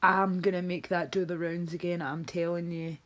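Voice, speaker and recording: A woman's voice: lowish voice, level tone, moderate pace, fairly bright tone, dull audio. A woman streaming live, casually chatting with viewers in a blunt, sweary, teasing way.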